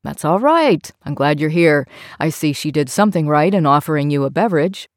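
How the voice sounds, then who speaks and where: A woman's voice: low voice, expressive, fairly quick, dry recording, studio quality. A woman voicing a controlling, politician-like father who talks with polished, syrupy politeness, in an audiobook.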